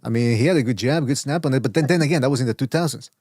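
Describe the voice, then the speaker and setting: A man's voice: medium pitch, racing, darkish tone, slightly rough, no room sound, studio quality. A man hosting a boxing podcast in casual chat, rambling with many restarts. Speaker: podcast host.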